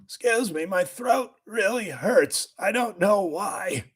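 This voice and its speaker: A man doing a comedic impression of a boastful, cranky older male health official, with a raspy, strained voice, rambling and bursting into shouts. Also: high voice, animated, slow pace, exaggerated voice.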